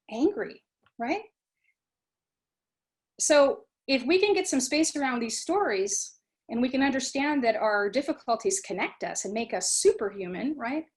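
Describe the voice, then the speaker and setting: A woman giving a talk on mindfulness, animated, acting out students' inner voices and often asking "right?" and "you know". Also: on the high side. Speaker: guest speaker on mindfulness. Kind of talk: talk to a webinar audience.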